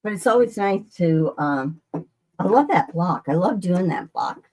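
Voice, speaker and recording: Her voice sits fairly low, expressive and a little mellow, and she takes her time. Hosting a casual quilting livestream from her sewing room, she rambles, restarts her sentences, and greets viewers by name.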